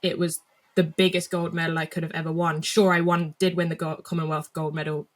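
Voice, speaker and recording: A young woman from England, a guest in an interview, sits in the lower part of her range. She is reflective and unhurried in a conversational way. Her storytelling circles back with fillers and restarts. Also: flat delivery. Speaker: guest athlete.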